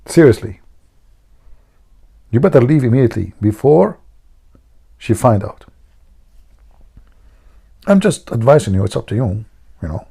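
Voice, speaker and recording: A man's voice: mid-range voice, big pitch swings, unhurried, vocal fry, pauses often, mellow, slightly rough. A man hosting a livestream, teasing his viewers and laughing at his own jokes. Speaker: livestream host. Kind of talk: joking livestream chat.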